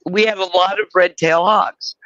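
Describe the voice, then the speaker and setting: Man from California, high bright voice, rambling swearing storyteller, dry dull sound. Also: steady tone, moderate pace, no room sound. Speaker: host. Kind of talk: casual live-stream chat.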